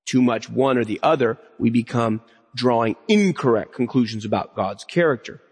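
Earnest preaching man, husky voice, big hall. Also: medium pitch, moderate pace. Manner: earnest, builds to emphatic raised lines. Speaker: pastor. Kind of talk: sermon. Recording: long reverb of a hall.

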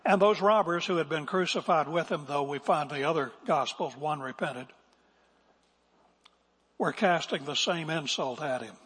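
Earnest husky male pastor preaching. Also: on the high side, moderate pace, a bit bright. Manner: earnest, emphatic, acts out quotes. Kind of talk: sermon. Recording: long reverb of a large hall.

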